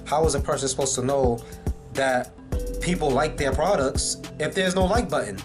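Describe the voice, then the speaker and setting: A vlogger rants casually in a video commentary, swearing and using many fillers. He speaks at normal speed in a medium-pitched voice, with music in the background.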